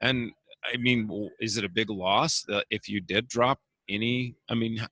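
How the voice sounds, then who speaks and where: A man hosting a show, interviewing a guest in a relaxed, conversational way. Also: lowish voice, normal speed, breathy edge, no room sound. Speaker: show host. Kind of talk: casual interview.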